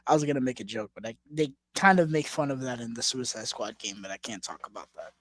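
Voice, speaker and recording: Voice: medium pitch, animated, quick pace, no room sound. A co-host on a casual movie watchalong podcast, joking and reacting to the film.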